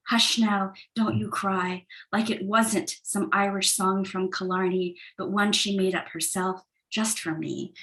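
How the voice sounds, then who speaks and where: A woman from the United States reading her poems on a video call, soft and measured. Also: mid-range voice, low-quality recording. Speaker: poet. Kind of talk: poetry reading.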